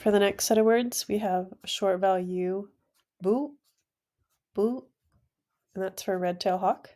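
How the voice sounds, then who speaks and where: A woman teaching an online language class, pronouncing each word slowly and repeating it for learners. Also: mid-range voice, dark tone. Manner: slow, careful word-by-word pronunciation, repeating each word.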